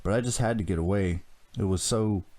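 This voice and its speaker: A kittenish, teasing teenage girl from a teen thriller audiobook, read by a man who keeps his own deep voice. The delivery is light and playful. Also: a little fast, darkish tone, close to an everyday voice.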